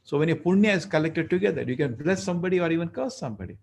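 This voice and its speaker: A man's voice: a little high, lively intonation, very fast, vocal fry, a little mellow, slight background noise. A man giving a lecture at a temple. He tells a story conversationally and acts out the dialogue. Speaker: temple speaker.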